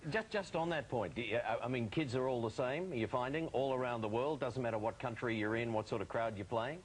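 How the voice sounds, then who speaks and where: A man hosts a television show and puts simple, friendly questions to his guests. His pitch is average. A faint hiss runs underneath. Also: fairly quick, rough recording. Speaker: TV show host. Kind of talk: live studio interview.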